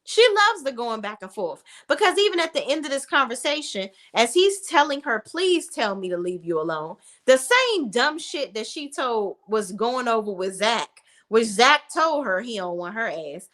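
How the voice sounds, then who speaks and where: A woman's voice: fairly high pitch, big pitch swings, moderate pace, few pauses, a bit bright. A woman hosting a casual TV recap vlog, blunt, profane and opinionated, acting out the characters' lines. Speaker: reality TV recap host.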